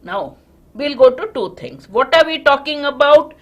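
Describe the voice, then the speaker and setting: Female Indian English teacher, slightly high voice, walks students through answers. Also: animated, moderate pace, fairly bright tone, muffled recording. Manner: explains step by step, checks in with students. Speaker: vocabulary teacher. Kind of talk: live online class.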